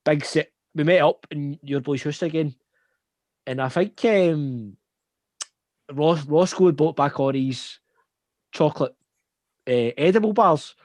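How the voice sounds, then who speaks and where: A young Scottish man spins a rambling anecdote to his mates, laughing and swearing as he goes. His voice sits a little high and the sound is dry and close. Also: a little slow, long pauses, a little mellow, no room sound. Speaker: podcast host. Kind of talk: casual storytelling chat.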